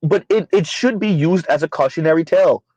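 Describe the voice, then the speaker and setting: A man hosts a casual commentary stream, rambling with fillers, talking to his chat, and referring to himself by name in the third person. His fairly high, slightly mellow voice moves a little fast, and the recording is dry and rough.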